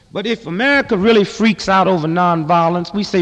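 A man delivering a fiery speech to a live audience, impassioned, rhythmic and sarcastic, swinging from loud to hushed. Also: high-pitched, brisk, hardly any pauses. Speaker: political activist speaker. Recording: long reverb in a large hall.

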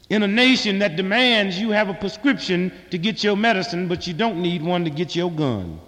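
Male comic, high voice, fiery and sarcastic political monologue, live hall echo. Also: fairly bright tone. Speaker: comedian and speaker.

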